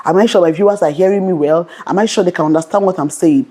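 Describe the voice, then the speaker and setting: A young adult woman vlogger giving a fast, bold motivational Christian talk to camera, often repeating "okay". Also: fairly low pitch, dark tone, slightly rough.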